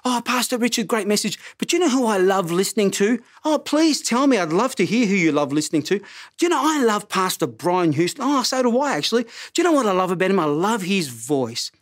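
A man's voice: sits high, very animated, a little fast, dry recording, clean studio sound. A man voicing an eager, fawning churchgoer who gushes about another preacher. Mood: gushing.

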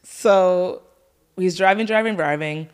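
A woman's voice: lowish voice, takes it slowly, smooth. A woman in her thirties co-hosting a casual chat, telling a story with animation and acting out the dialogue. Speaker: podcast co-host.

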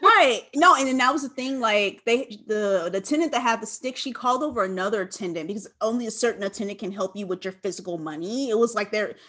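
A woman in her twenties from Los Angeles telling a story in casual chat, animated, swearing freely and acting out her own past lines. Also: mid-range voice, quick pace, few pauses. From Los Angeles, California. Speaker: guest, wine enthusiast.

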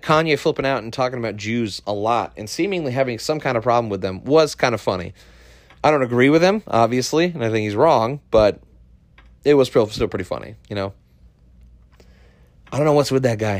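A man's voice: medium pitch, no room sound. A man hosting a solo podcast, ranting in an irritated, profane way. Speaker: podcast host.

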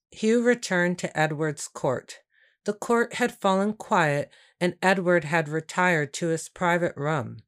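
Slow, low-voiced woman storyteller. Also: clean tone. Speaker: narrator. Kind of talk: scripted storybook narration.

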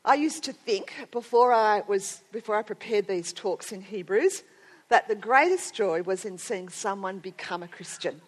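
A woman's voice: medium pitch, expressive, moderate pace. A middle-aged woman giving a sermon to women, telling a story earnestly and building to strong emphasis. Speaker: speaker at a women's gathering.

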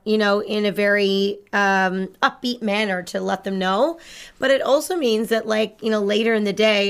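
A woman's voice: mid-range voice, fairly bright tone. A woman dog trainer chatting on a podcast, explaining training ideas in an upbeat, conversational way. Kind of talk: instructional podcast chat.

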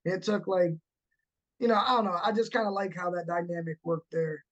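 A man hosting a casual horror podcast chat, animated and quick to act out scenes he describes. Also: sits high, lo-fi sound. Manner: animated, acts out movie moments with laughs. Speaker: podcast host.

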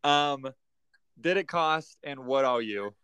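A man's voice: mid-range voice, expressive, slow, pushed and bright, clean tone, no room sound. Joking man hosting a podcast. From United States. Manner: joking, laughs often. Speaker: podcast host. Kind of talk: casual chat.

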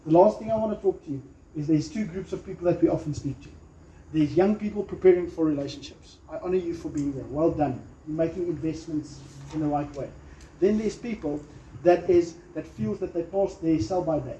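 A man's voice: on the high side, a little fast, dark tone, a little hiss or hum. A man preaching a sermon emphatically, acting out little quotes and prayers. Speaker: pastor. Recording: echoey room, slightly dull sound.

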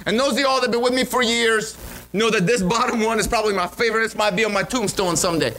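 This pastor's voice sits high and moves at a quick pace as he tells a lively sermon story in a church sanctuary, frequently backing up to begin again. Audio quality is poor, with a little hiss or hum.

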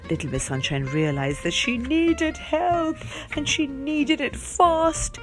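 A woman reading a children's storybook aloud in an animated, giggly, playful way. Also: high-pitched, slow, hardly any pauses, soft background music. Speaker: reader.

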